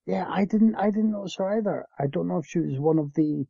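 A man's voice: sits high, a little fast, creaky, warm tone, breathy edge, no room sound. A man co-hosting a podcast, speaking hesitantly with lots of fillers, and teasing his co-host. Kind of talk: casual chat. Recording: dull lo-fi, dry.

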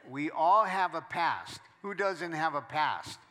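A male pastor preaching a sermon, moving between quiet storytelling and loud, emphatic preaching. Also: fairly high pitch, animated, slow pace, big-room sound.

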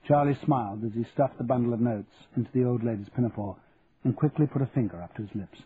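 A man narrating a story in a measured storytelling manner, on a tinny radio recording with faint hiss. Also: medium pitch. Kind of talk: audiobook reading.

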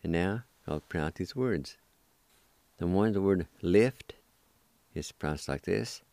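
A very deep, unhurried male voice, smooth and resonant. He drills words syllable by syllable with patient repetition. The recording is dry and close. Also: animated, warm tone, no room sound. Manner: patient, repeats syllables, apologetic corrections. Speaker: language teacher. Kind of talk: slow spelling and pronunciation drill.

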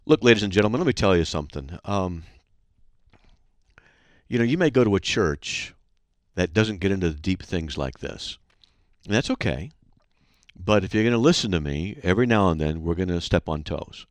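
A man's voice: deep voice, animated, normal speed, pauses often, no echo. A man hosting a call-in radio show, teaching scripture in an emphatic, conversational preaching manner.

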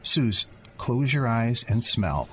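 Man voicing a steady, playful American husband. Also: mid-range voice, slow pace, soft background music, full character voice. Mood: gentle. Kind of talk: radio drama acting.

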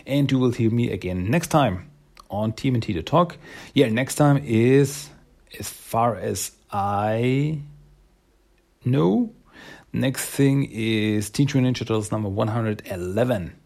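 Gravelly, husky male podcast host. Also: mid-range voice, lively intonation, unhurried, a little mellow. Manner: rambling, upbeat, many fillers. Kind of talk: casual solo podcast talk.

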